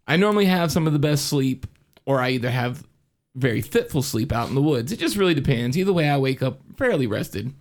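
A man's voice: medium pitch, lively intonation, brisk. A man co-hosting a horror podcast, telling a camping story in casual, profane chat and laughing often. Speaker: podcast co-host.

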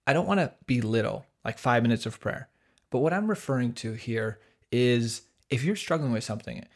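A man with a medium-pitched voice hosts a podcast about faith. He sounds friendly and enthusiastic. He often restarts his sentences mid-thought. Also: animated, a little fast. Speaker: podcast host. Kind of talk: conversational discussion of faith.

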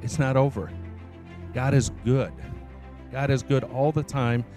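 A man's voice: medium pitch, steady tone, measured pace, mellow, soft background music. Man preaching a heartfelt testimony. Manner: emphatic storyteller, repeats key phrases. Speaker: church elder giving a testimony.

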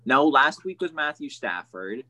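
Man, mid-pitched, loose joking sports banter. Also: very animated, measured pace, crowd noise. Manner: joking, rambling, laughs often. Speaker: sports podcast co-host.

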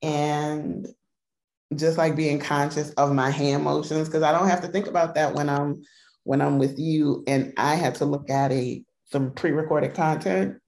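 A woman, talking casually on a podcast. She is expressive and quick to laugh. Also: low voice, rough recording. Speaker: podcast co-host. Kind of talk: casual chat.

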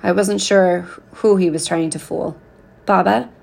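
Woman reading a novel aloud, low-pitched, gravelly, steady, earnest. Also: a little slow. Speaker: reader.

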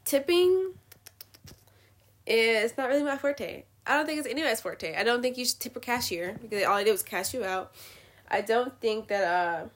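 Young woman, blunt and profane, casual rant, fairly high voice. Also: moderate pace. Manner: blunt, swearing, animated ranting. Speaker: vlogger.

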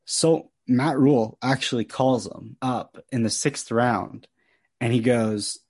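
A man's voice: medium pitch, slow, darkish tone, slightly rough. A man co-hosting a casual sports chat, telling stories with animation and laughing often. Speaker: podcast co-host.

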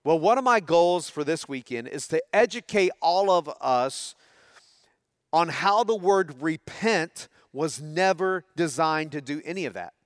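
A middle-aged man delivers a sermon in a high, clear, resonant voice. He talks in a conversational way and often turns questions to his listeners. The sound is dry and close, with no room echo. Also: expressive, a little slow. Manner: conversational, asks the audience questions. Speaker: pastor.

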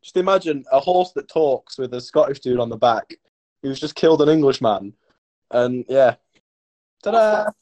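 A man's voice: medium pitch, normal speed, mellow, rough recording. A young man co-hosting a podcast, telling a rambling comic story with lots of giggles. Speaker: podcast co-host.

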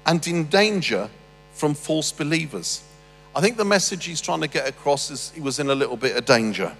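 A man preaching a sermon, reading scripture and breaking off into humorous asides. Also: a little high. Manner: humorous, animated storytelling with asides. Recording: long reverb with faint music.

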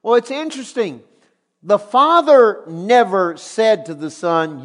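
A middle-aged male pastor preaches in an animated, emphatic way, his voice pitched a little high. His sermon rings out with a long reverb, as in a large church sanctuary. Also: measured pace.

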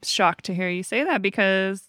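Bright woman podcast cohost, laughs a lot, says like a lot, dry sound. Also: mid-range voice, moderate pace, no room sound. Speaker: podcast co-host. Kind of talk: casual chat.

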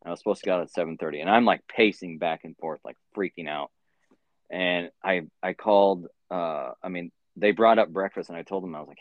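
A man's voice: low-pitched, fairly quick, no echo. A man telling a long story in casual podcast chat, rambling and profane with many fillers. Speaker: podcast host. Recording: dull lo-fi sound.

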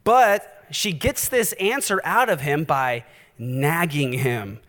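A male pastor preaching a sermon, animated and direct, challenging his listeners. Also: fairly high pitch, slow, in a large hall.

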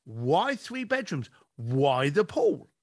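A man's voice: a little high, sing-song, slow. A man, a business coach telling stories in a podcast conversation and acting out his clients' lines.

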